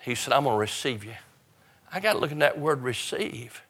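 An older man, preaching a funeral sermon as a pastor, his delivery swelling up and dropping quietly. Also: mid-range voice, expressive, fairly quick, breathy edge.

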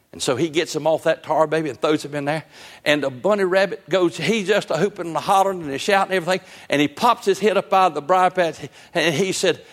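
An older man preaching a sermon, telling folksy stories with an earnest, gently urgent manner. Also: fairly high pitch, brisk. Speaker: pastor.

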